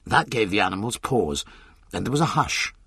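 A man narrating an audiobook with an expressive, dramatic reading. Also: on the low side, moderate pace, slightly rough, no room sound, clean studio sound.

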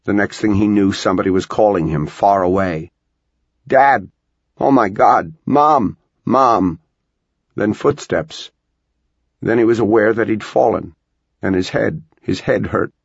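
A man narrating an audiobook in a calm, steady storytelling voice with a gravelly, husky sound, on a dull, dry recording. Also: fairly low pitch, normal speed, no echo. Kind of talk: scripted narration.

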